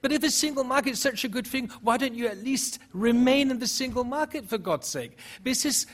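A man whose first language is German, speaking at a public debate with earnest rhetorical questions and halting restarts. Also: sits high. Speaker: panel speaker.

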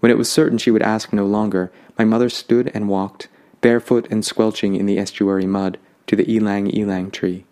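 A man narrating a fantasy story in a calm, lyrical way. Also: fairly low pitch, fairly quick.

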